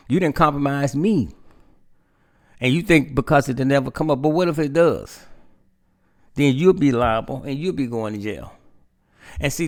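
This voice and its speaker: Gravelly man in a casual monologue. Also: mid-range voice. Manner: addresses listeners as "man", repeats himself. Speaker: political commentator.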